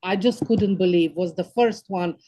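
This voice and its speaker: A woman's voice: on the low side, moderate pace, mellow. A woman with a Romanian accent gushing about an event in exclamations, searching for words. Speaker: conference attendee. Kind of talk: enthusiastic casual testimonial.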